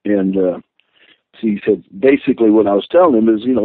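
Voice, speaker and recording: A man's voice: on the low side, a little fast, no room sound. Older man telling wrestling stories by phone. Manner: rambling, animated anecdotes with many restarts. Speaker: guest, former wrestler. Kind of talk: storytelling interview. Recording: tinny phone line.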